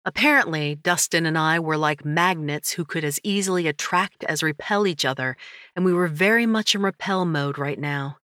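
A woman narrating a first-person audiobook in a measured, introspective way. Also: low-pitched, fairly bright tone, dry recording, studio quality.

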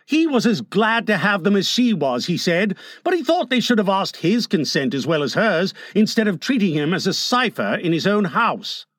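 A man narrating an audiobook in an expressive, playful storytelling manner. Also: sits high, moderate pace, few pauses, no echo, clean studio sound.

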